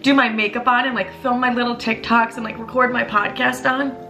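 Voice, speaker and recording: A woman's voice: on the high side, steady tone, fairly quick, music in the background. A woman in her twenties telling a candid, emotional, profanity-laced storytime as a vlogger. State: tearful at times.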